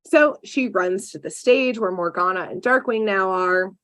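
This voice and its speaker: A woman's voice: medium pitch, normal speed. A woman hosting a podcast, casually recapping a cartoon episode and acting out the characters, with lots of "like" fillers. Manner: animated storyteller acting out characters with many "like" fillers. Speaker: podcast host.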